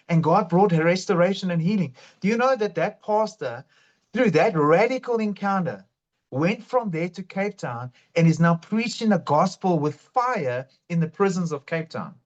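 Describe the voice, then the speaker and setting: A man telling his faith testimony in an earnest, fervent way. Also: high voice. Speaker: guest sharing testimony. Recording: dull lo-fi sound.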